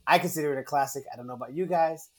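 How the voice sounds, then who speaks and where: A man's voice: a little high, racing, a crowd in the background. A man hosting a casual movie podcast, rambling and joking, often repeating his words. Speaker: podcast host.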